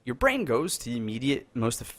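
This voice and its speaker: A man's voice: mid-range voice, sing-song, brisk, fairly bright tone. A man co-hosting a casual podcast over a call, talking earnestly in rambling runs with many restarts. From North America. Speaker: podcast co-host. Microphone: call recording.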